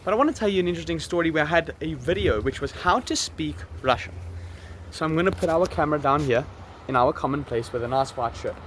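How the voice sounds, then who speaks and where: Quick-paced and animated, with a high, fairly bright voice, a South African vlogger chats to the camera outdoors in an urban area. He rambles and fixes his own words as he goes, over a little hiss or hum.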